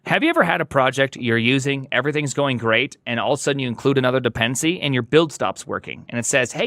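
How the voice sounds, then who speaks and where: A man who is a software engineer speaks as a guest in a casual podcast conversation, his medium-pitched, sharp-toned voice captured in a dry, studio-quality recording. He is emphatic and opinionated, hammering his points home by repeating them.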